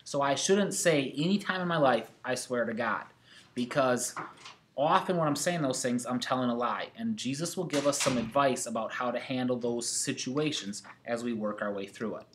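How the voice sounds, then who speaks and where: A man's voice: medium pitch, moderate pace, noisy background. Man teaching a catechism lesson. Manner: reads scripture aloud, numbering answers. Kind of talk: recorded classroom lesson.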